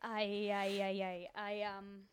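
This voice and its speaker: A woman playing an auditioner in an improv scene, speaking halting, broken English with a put-on Spanish accent. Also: mid-range voice, flat delivery, slight background noise, pitched below the performer's own voice, lightly acted. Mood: earnest. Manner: halting, groping for words.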